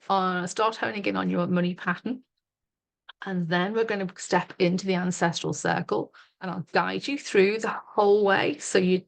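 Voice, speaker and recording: A woman's voice: mid-range voice, creaky. Chatty middle-aged Englishwoman coach. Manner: chatty and giggly, rambling with fillers. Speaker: self-love coach leading a workshop. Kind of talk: live online workshop talk.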